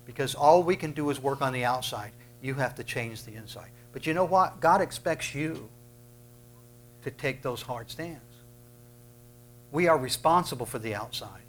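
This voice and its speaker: A man's voice: mid-range voice, a little hiss or hum, poor audio. A man preaching a sermon, emphatic, punching out commands and often repeating words as he starts a thought. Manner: emphatic, bursts loud on commands.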